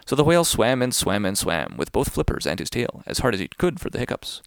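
A man's voice: mid-range voice, big pitch swings, fairly quick, vocal fry, few pauses, smooth, no room sound, studio quality. A man reading a classic children's story aloud, playful and singsong, with asides to the listener. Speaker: narrator.

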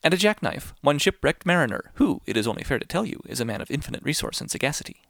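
A man voicing a clever, polite little fish in a storybook reading, speaking in flattering, formal phrases. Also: on the high side, quick pace, creaky, dry recording, studio quality, pitched above the performer's own voice, heavily acted. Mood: instructing. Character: clever small male fish, polite and sly.

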